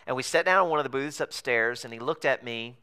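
A man preaching in a relaxed, storytelling way, his voice bright and forceful. His delivery is smooth and crisp, loose and chatty, with fillers and chuckles. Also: medium pitch, fast talker. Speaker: pastor planting a church. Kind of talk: conversational sermon storytelling. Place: theater in a comedy club.

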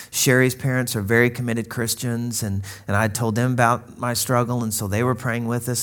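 A man's voice: mid-range voice, fairly bright tone. A man from Arkansas in his thirties, preaching a sermon in a conversational, storytelling way and acting out quoted dialogue. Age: 30s. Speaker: pastor.

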